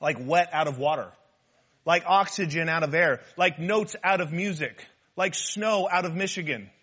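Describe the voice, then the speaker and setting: A man preaching a sermon in an animated, humorous style, with rhetorical repetition. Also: on the high side, moderate pace, slightly rough. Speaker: pastor.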